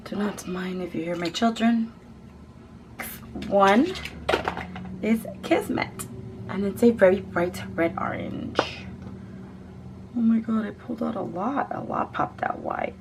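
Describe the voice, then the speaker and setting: A woman beauty vlogger chatting excitedly and gushing over lip colours in a casual home swatch video. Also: medium pitch, slow pace, long pauses, noisy background. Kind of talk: casual makeup swatch vlog. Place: home, children nearby.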